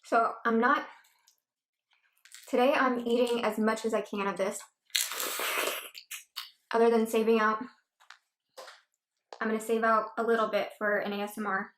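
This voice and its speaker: A woman's voice: a little high, level tone, a little slow, long pauses, fairly bright tone. A woman vlogging at home as she eats, chatting casually and rambling between murmurs of enjoyment. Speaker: mukbang vlogger. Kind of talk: casual eating chat. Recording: echoey room with faint noise.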